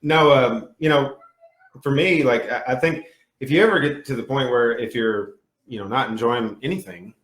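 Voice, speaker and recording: A man's voice: medium pitch, moderate pace, a bit bright, echoey room, low-quality recording. A man talking as a podcast guest in casual chat, hesitant, with many fillers.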